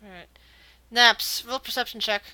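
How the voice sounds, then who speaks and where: A woman's voice: a little high, fairly even intonation, normal speed, bright, forceful tone, no room sound. A woman running a tabletop game as game master, narrating scenes and often restarting her sentences.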